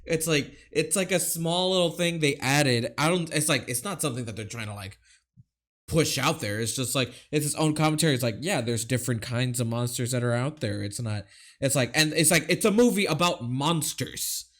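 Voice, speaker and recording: A man's voice: medium pitch, moderate pace, a bit bright. A man co-hosting a casual movie review podcast, hesitant and rambling with many fillers. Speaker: podcast co-host.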